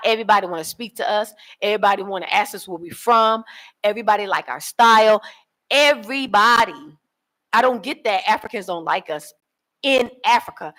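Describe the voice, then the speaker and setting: A woman's voice: mid-range voice, fairly bright tone. An American woman talking casually to her viewers, telling stories in a chatty, slangy way. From United States. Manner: chatty, slangy storytelling, addresses viewers as y'all. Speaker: vlogger. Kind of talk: casual chat to camera.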